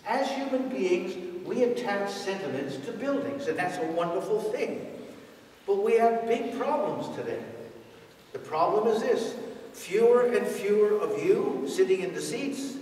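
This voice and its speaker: A man's voice: high-pitched, lively intonation, a little slow, a little mellow, slight background noise. A man preaching a sermon in a conversational way, asking his congregation rhetorical questions. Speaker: priest. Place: large church. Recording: echoey church from far off.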